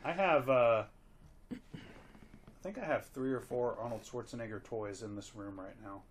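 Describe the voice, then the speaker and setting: A man's voice: medium pitch, moderate pace, a little hiss or hum. A man co-hosting a film podcast, chatting enthusiastically, swearing freely and laughing often. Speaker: podcast co-host reviewing films. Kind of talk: casual chat.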